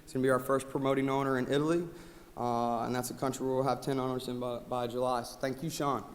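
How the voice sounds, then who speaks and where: A man giving a motivational award speech at a company rally, his delivery swinging from loud rallying calls to quiet thanks. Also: medium pitch, level tone, quick pace, a little hiss or hum. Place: large event hall. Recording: long hall reverb.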